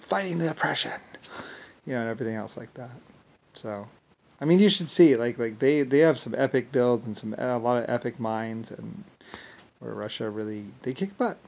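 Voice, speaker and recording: A man talking in a rambling monologue, halting and repetitive, with many fillers and restarts. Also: mid-range voice, creaky, a little mellow. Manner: chuckles while telling stories.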